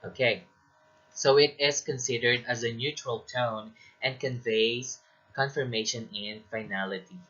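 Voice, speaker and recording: A man teaching a recorded lesson on English pronunciation, explaining slowly and reading example sentences aloud. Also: medium pitch, steady tone, sharp tone, lo-fi sound.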